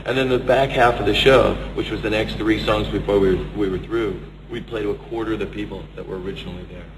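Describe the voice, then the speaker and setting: A man with a very deep voice looks back in a quick, wry, rambling way. The recording carries a long reverb tail. A clear hiss runs under it. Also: fairly even intonation. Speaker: band member. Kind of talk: casual chat.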